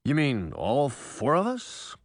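A man's voice: mid-range voice, huge pitch swings, slow, no room sound, clean studio sound, full character voice. A man voicing a friendly, folksy male spirit in a magic mirror who explains things patiently. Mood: explaining.

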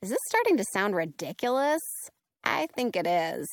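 A woman narrating a children's storybook in first person, expressive with playful asides. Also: medium pitch, normal speed, no echo, clean studio sound. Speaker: audiobook reader.

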